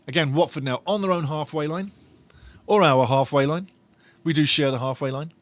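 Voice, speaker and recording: A man commentating live as a fan on a watch-along stream, his voice pitched a touch above the usual. He is animated, repeats his phrases and breaks into laughter, recorded close and dry with no room around him. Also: no room sound. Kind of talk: excited live match commentary.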